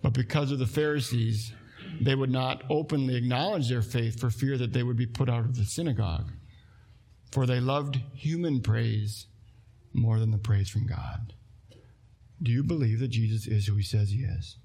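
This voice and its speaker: A man's voice: medium pitch, moderate pace, dark tone, husky. A man preaching a sermon as a pastor in a church, reading scripture aloud and putting earnest, direct questions to his congregation.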